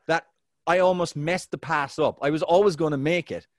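Male podcast co-host, lively storyteller, dry close-miked sound. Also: a little fast, no room sound. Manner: animated storyteller, big pitch swings. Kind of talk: casual football chat.

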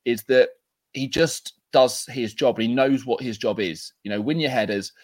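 A man's voice: medium pitch, moderate pace. An English man hosting a casual football podcast, enthusiastic and swearing casually. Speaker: podcast host.

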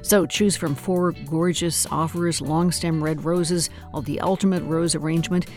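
A man delivers weather and a fundraising appeal in a friendly, upbeat tone. His voice sits on the higher side. Soft music plays faintly underneath. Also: steady tone, normal speed. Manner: upbeat, conversational pitch. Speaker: radio station announcer. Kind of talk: station announcements and pledge appeal.

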